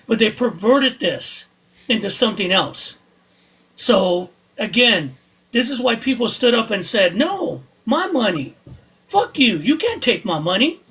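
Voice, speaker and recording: Panelist, man, high bright husky voice, animated and indignant. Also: measured pace, poor audio. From Southern California. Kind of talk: casual live podcast talk.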